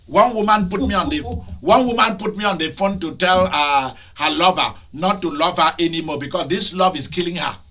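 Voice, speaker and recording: Male pastor, high and bright, sermon with loud bursts. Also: moderate pace. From Nigeria. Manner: preaching with loud outbursts and laughter.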